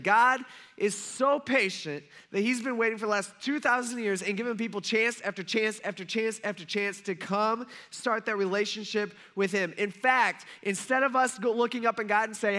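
Male pastor from the US, chatty sermon delivery, higher pitch. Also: moderate pace, sharp tone. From United States. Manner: conversational preaching, acts out quotes.

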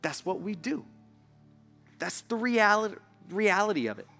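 A man preaching a sermon in a conversational, animated way, acting out what others say. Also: high-pitched, moderate pace, gravelly, soft background music. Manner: animated, acts out quoted voices, conversational asides. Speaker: pastor.

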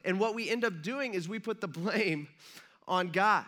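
A man's voice: sits high, normal speed, sharp tone. A man, a pastor, giving a conversational, joking sermon in a church and asking the audience questions.

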